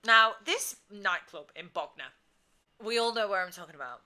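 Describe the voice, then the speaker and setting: A woman's voice: mid-range voice, normal speed. A woman in her twenties, co-host of a casual podcast, telling a story animatedly and laughing often. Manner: animated, laughs often, acts out quotes loudly.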